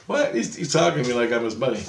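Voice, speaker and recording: Racing through a long, profane story, a male vlogger rambles and keeps correcting himself in an animated retelling. He has a gravelly, medium-pitched voice, and the recording is reverberant.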